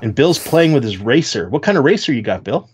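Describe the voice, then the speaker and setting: A man's voice: medium pitch, sing-song, a little fast, slightly rough. A Canadian man chatting casually as a caller on a video call, joking along with the host. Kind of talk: casual chat.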